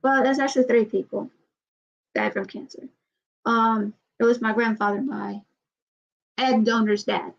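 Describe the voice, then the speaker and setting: A woman talks to the camera in a loose, halting way, with many restarts and trailing sentences. Her voice sits a little high. The recording sounds dull and lo-fi. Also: fairly even intonation, vocal fry. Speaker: vlogger. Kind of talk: casual personal talk to camera.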